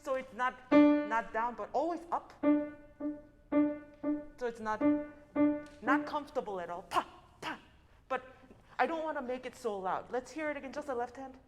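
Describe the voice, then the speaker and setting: A woman's voice: high voice, expressive, a little fast, long pauses. A young adult woman coaching a piano student in a masterclass, encouraging and singing out rhythms with syllables. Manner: encouraging, sings out rhythms with syllables, restarts phrases. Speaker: piano teacher leading a masterclass. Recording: long hall reverb with piano.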